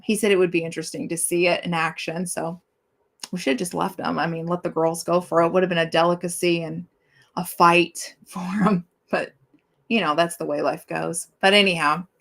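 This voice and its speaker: A woman's voice: lowish voice, fairly bright tone. A middle-aged woman hosting a casual live-stream chat, rambling and chatty with many fillers as she talks to viewers.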